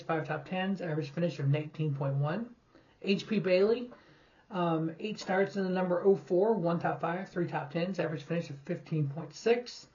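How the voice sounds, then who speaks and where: A man hosting his own sports show, talking casually and rattling off statistics in quick lists. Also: sits high, highs cut off. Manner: rambling, reads stats in quick lists. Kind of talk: casual solo sports talk.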